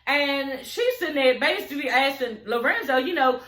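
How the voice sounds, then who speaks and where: A woman's voice: high voice, animated, moderate pace, hardly any pauses, fairly bright tone, roomy sound. A woman hosting a blunt, profane, laughing recap of a reality TV episode, talking straight to her listeners. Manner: blunt, sassy, laughing, talks to listeners as y'all. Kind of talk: casual profane recap chat.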